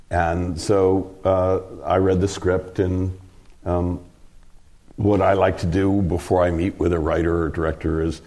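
Very deep-voiced man telling a long anecdote. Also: darkish tone. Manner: rambling anecdotal, frequent fillers and restarts. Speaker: producer and director. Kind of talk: interview storytelling.

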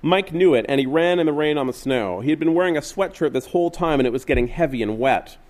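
A man reading literary fiction aloud in a measured, wistful way. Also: fairly high pitch, animated, darkish tone. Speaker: reader.

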